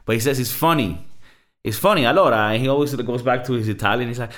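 A Latin American man co-hosts a podcast, chatting loosely and with plenty of swearing, his talk full of fillers like "bro" and "like." His voice is mid-range and very fast.

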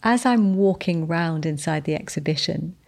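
A woman tells a personal faith story as a podcast host, her voice set low and grainy with fry. She speaks earnestly and from the heart, often restarting her sentences as she gathers her thoughts. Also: normal speed, darkish tone.

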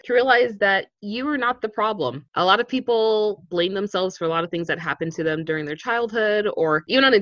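A woman with a lower voice co-hosts a podcast, talking frankly and laughing often. The sound is dull and lo-fi, and the room is dry with no echo. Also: a bit bright. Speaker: podcast co-host. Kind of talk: casual chat.

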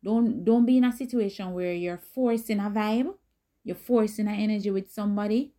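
A woman hosting a dating advice talk, speaking directly and emphatically in a casual way, with a voice that is not high or squeaky. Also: fairly even intonation, moderate pace, dark tone. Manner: direct, emphatic, conversational with quoted asides.

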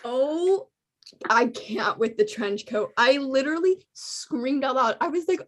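Excitable young woman podcast co-host. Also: sits high, measured pace. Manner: excitable, gushing, laughs often. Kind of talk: casual fan podcast chat.

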